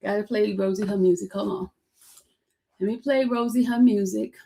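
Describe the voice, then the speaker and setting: A woman's voice: medium pitch, steady tone, moderate pace, creaky, dark tone. A woman hosting a casual livestream chat, talking straight to her viewers, calling them by name and repeating herself as she goes. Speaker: livestream host. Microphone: streaming setup.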